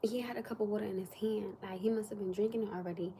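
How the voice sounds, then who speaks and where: Chatty woman with a mellow voice. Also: mid-range voice, quick pace, slight background noise. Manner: animated, drops to whispers for emphasis. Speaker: livestream host. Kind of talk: casual livestream chat.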